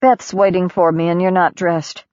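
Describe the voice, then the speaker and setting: A woman narrator voicing a weary middle-aged mother, gentle and firm, on a dull lo-fi recording. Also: lowish voice, level tone, moderate pace, dry recording, close to an everyday voice.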